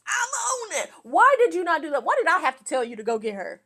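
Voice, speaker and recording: A woman's voice: high-pitched, big pitch swings, quick pace, pushed and bright. A young woman giving casual reaction commentary to a movie, talking back at the screen with teasing jokes and exclamations.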